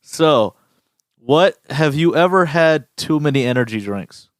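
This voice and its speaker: A young man co-hosting a podcast in casual chat, swearing often and telling stories with animated impressions. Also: fairly high pitch, a little slow, no room sound, studio quality. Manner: profane, animated storyteller. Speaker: podcast co-host.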